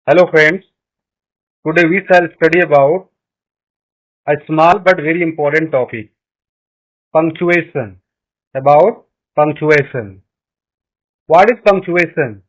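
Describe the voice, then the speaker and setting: Slow, high-pitched male teacher with an Indian English accent, repeats his examples, patient classroom delivery. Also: rough recording. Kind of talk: grammar lesson.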